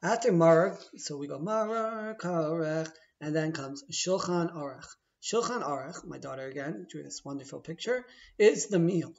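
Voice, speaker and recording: Creaky and on the high side, this middle-aged man speaks at a moderate pace over dull-sounding audio. A teacher in a casual explanatory video, he breaks down a holiday ritual step by step in a chatty, playful way, stopping to rephrase along the way.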